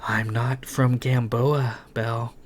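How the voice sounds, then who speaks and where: Fervent mysterious young woman voiced by a male reader, pitched high, swinging wide, audiobook reading. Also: lively intonation, slow. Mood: ghostly hushed. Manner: fervent, shouting at peaks. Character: passionate mysterious young woman, arcane lover.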